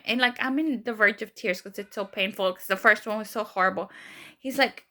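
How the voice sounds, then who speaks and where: A woman's voice: a little high, normal speed. A young woman vlogger telling a personal story casually, full of fillers, acting out what others said. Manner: animated retelling, acts out quoted voices, many fillers.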